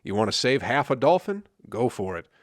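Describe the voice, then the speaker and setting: A man's voice: medium pitch, big pitch swings, fairly quick, no echo, studio quality. A man from Flint, Michigan, hosting his comedy podcast, ranting and swearing constantly and often asking "you know what I mean, people?". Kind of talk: profane ranting monologue.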